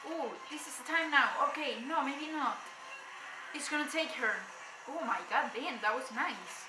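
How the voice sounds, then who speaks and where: A young woman reacting to a TV episode, excitably talking back at the screen and addressing her viewers. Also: high voice, normal speed, roomy sound, background noise. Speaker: reaction vlogger. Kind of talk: casual reaction commentary.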